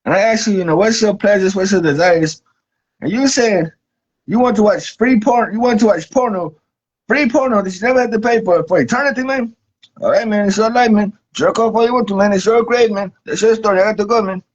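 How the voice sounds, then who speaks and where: A man's voice: sits high, a little fast. A man voicing God as a laid-back regular guy who swears a lot and keeps saying "man". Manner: casual, profane, ends lines with "man". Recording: dull lo-fi recording.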